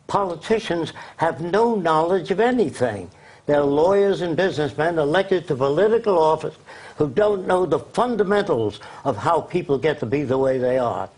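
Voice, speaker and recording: Older male guest, husky, lectures with force, a bit high-voiced. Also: a little mellow, poor audio. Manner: emphatic, lecturing. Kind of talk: interview.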